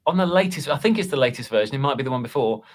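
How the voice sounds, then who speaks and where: On a podcast, an Excel course creator and guest talks casually about producing course videos in an animated, mid-range voice, with a loud crowd in the background. He pokes fun at himself, speaks haltingly, and frequently starts sentences over.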